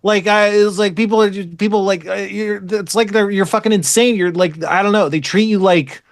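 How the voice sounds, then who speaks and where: A man's voice: high-pitched, steady tone, fairly quick, no echo, clean studio sound. A man co-hosting a podcast, a comedian talking frankly and swearing freely in casual chat. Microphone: podcast microphone.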